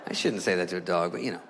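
Animated male stand-up comic in a live hall. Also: noisy background. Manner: acts out voices of the people and animals in his stories; swears freely and jumps between high squeaks and low mutters. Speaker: stand-up comedian. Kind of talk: stand-up comedy set. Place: stage in a large venue. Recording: live hall recording with audience.

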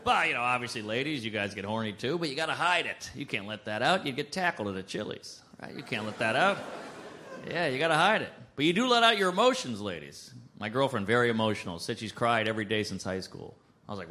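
A man performing a stand-up comedy set on a club stage, with a punchy, brash delivery and quick asides. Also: mid-range voice, animated, bright, forceful tone.

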